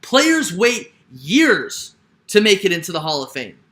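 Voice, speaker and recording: A man's voice: high-pitched, very animated, measured pace, pushed and bright. A young man delivering an emphatic sports opinion rant, repeating his points and tagging lines with "right?". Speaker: sports commentator. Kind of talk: ranting opinion monologue.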